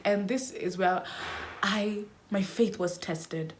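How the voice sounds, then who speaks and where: A young woman vlogger telling a dramatic storytime, squealing into high cries as she acts out her panic. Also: takes it slowly, a bit bright. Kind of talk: animated storytime.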